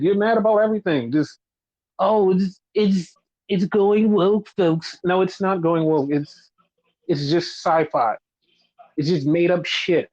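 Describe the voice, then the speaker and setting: A man's voice: high voice, no echo. A man hosting a casual wrestling podcast, ranting in exasperation with lots of swearing and mocking imitations of fans. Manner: profane, exasperated ranting with mocking quoted voices. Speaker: podcast host. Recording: dull lo-fi dry sound.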